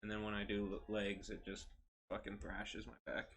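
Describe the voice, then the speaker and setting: A man's voice: on the low side, monotone, moderate pace. A young man co-hosting a podcast, telling stories in casual chat, swearing freely and laughing often. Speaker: podcast co-host.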